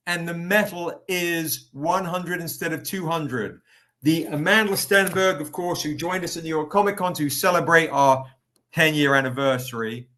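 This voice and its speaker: A man's voice: fairly high pitch, a bit bright. Upbeat man hosting a comics livestream. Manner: upbeat, chatty, greets viewers by name. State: tired, recovering. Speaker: livestream host selling comics. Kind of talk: casual live-stream sales pitch.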